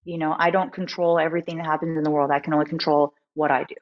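Woman, candid interview guest, animated storyteller, fillers, lo-fi muffled sound. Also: sits low, rapid-fire. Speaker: guest musician.

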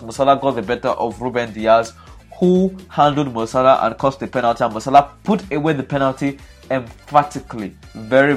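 A man giving animated football match analysis, exasperated and emphatic, often repeating himself for effect. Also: mid-range voice. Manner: exasperated, repetitive, emphatic ranting. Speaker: football pundit.

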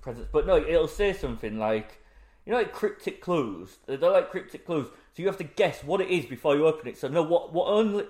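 A man's voice: fairly high pitch, lively intonation, brisk, darkish tone. A young man in a casual podcast chat, rambling through anecdotes and correcting himself as he goes. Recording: roomy echo.

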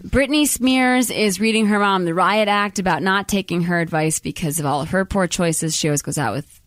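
A woman recapping a movie in casual chat, rambling with lots of fillers and quick acted-out quotes. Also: on the low side, dry recording. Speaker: podcast co-host recapping a movie.

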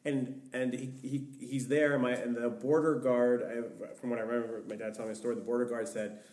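A young man, guest on a podcast, rambles through a long story in casual conversation, saying "like" constantly. His voice is medium-pitched, flat, brisk and a little mellow. The recording sounds echoey, with the mic placed at a distance.

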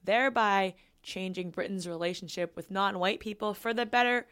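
A woman's voice: mid-range voice, normal speed, a bit bright, clear, resonant tone. A woman co-hosting a podcast in casual chat, reading housekeeping notes with plenty of ums. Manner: chatty, reads housekeeping notes with filler ums. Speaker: podcast co-host.

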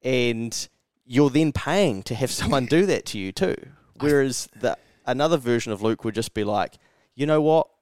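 A New Zealand man telling a story in loose, profane chat, switching into the voices of the people he quotes. His voice sits at a middle pitch. The sound is dry and close, with no room around it. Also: normal speed, dry recording. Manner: animated storyteller, swears freely, acts out quoted voices. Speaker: podcast co-host. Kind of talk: casual chat.

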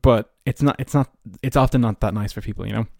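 A man's voice: medium pitch, fast, vocal fry, warm tone, dry recording, studio quality. A man in his early twenties with an Irish accent, a podcast host telling personal stories in a casual, rambling way full of "like" and "you know". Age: early 20s. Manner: chatty, many fillers like "like" and "you know".

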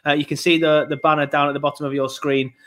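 A man's voice: on the high side, flat delivery, quick pace, fairly bright tone. A man hosting a football podcast, talking casually and rambling with plenty of fillers. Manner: chatty, rambling, lots of fillers. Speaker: podcast host.

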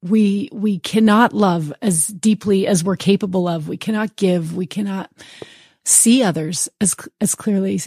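A woman's voice: mid-range voice, measured pace, a little mellow, slightly rough, dry recording, clean studio sound. A woman hosting a book chat, reflective and affirming as she talks. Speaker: podcast host. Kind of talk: casual chat.

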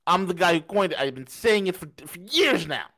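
A man's voice: sits high, sing-song, fairly quick, sharp tone. A man hosting a political podcast, ranting angrily with profanity and repeating himself. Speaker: podcast host. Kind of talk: angry political monologue.

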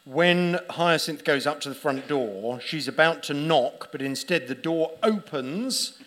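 A man's voice: on the high side, animated, unhurried, fairly bright tone. A man co-hosting a live podcast, chatty and enthusiastic as he tells stories. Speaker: podcast co-host. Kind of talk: live podcast chat before an audience.

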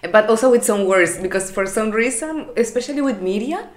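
A woman's voice: a little high, animated, a little fast. A woman from Latin America whose first language is Spanish, explaining her ideas in a casual podcast chat and sometimes laughing at herself. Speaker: podcast co-host. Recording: roomy echo.

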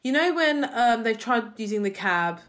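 A woman co-hosting a podcast, chatting in an animated way and often repeating words. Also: a little high, moderate pace. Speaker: podcast co-host. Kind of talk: casual chat.

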